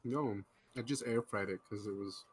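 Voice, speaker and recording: A man's voice: lowish voice, normal speed, crowd noise. A man co-hosting a podcast, laughing often and teasing the others. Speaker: podcast co-host. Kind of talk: casual podcast chat.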